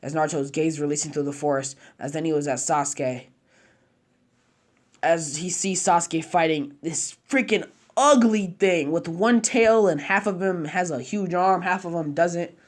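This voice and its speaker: A man's voice: a little high, normal speed. A man narrating a fan-made story casually, chaining run-on clauses with slang and fillers.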